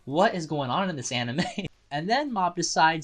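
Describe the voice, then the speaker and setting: A man casually recapping and reviewing an anime episode, excitable, laughing often and restarting his sentences. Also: a little high, moderate pace.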